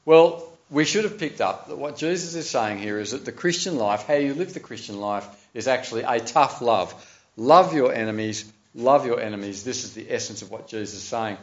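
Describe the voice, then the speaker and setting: Male preacher, earnest, emphatic sermon and prayer, mid-pitched voice, dull lo-fi recording. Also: normal speed.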